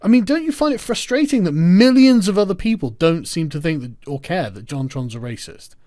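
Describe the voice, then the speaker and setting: A man's voice: high voice, animated, fairly quick, mellow, no echo, studio quality. A man delivering a sarcastic, scornful reaction commentary.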